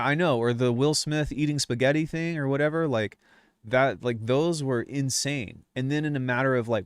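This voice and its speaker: A man's voice: mid-range voice, clean tone, no echo. Young male streamer, profane rambling rant, mid voice, dry mic. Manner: swears a lot, rambling, fired up. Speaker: music producer YouTuber. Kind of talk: casual livestream rant.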